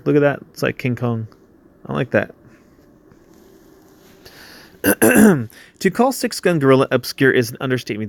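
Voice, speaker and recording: Male vlogger, gravelly mid-range voice, loose chatty read-through with easy laughs. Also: mid-range voice, no echo. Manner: chatty, laughs easily, trails off into mumbles. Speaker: YouTuber reviewing a crowdfunding campaign. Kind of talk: casual commentary reading a campaign page aloud.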